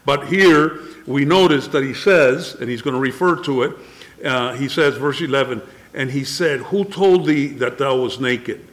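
Slow, emphatic older male preacher. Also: medium pitch. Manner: reads scripture in old-fashioned wording. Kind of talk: sermon.

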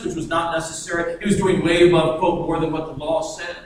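A man preaching a sermon in an animated way, acting out the voices of the people in his stories, with an easy chuckle. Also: a little high, a little fast, slight background noise. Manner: animated, acts out quoted voices, chuckles often. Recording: echoey room heard from a distance.

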